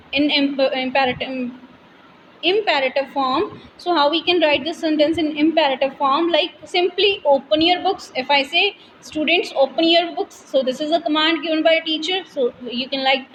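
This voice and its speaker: A woman's voice: sits high, a little hiss or hum, rough recording. A woman with an Indian English accent teaching an online grammar lesson, explaining step by step with repetitions and fillers.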